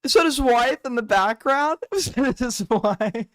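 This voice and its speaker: A man's voice: very high voice, animated, unhurried, a bit bright, no room sound. A young man hosting a reaction commentary, incredulous and mocking, swearing freely and laughing at what he watches. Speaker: commentary host.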